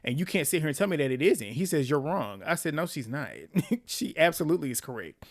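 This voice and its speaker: A man's voice: on the high side, lively intonation, a little fast. Blunt, exasperated man recapping reality TV. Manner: blunt, exasperated, profane, laughs often. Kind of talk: casual recap commentary.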